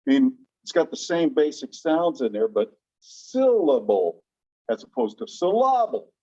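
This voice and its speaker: A man teaching a classroom lecture on English sounds, relaxed and explanatory, slowing down to demonstrate words. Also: medium pitch. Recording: dull lo-fi classroom recording.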